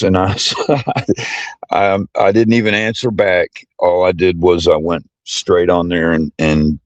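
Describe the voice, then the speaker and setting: A man answers in an interview in a casual, halting way, full of ums and uhs. His voice sits very low. The recording is dry and close. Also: dry recording. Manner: hesitant, with many ums and uhs. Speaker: interview guest.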